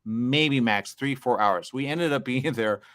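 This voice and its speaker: A man's voice: mid-range voice, a bit bright. A man interviewing filmmakers at a festival, joking and repeating words as he talks. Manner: fast, stammering, jokey. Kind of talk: casual red-carpet interview.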